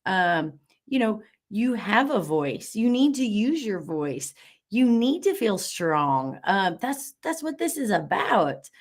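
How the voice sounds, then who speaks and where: A woman's voice: mid-range voice, sing-song, takes it slowly. A woman hosting a live online class, bubbly and encouraging, reading out viewer comments with lots of fillers.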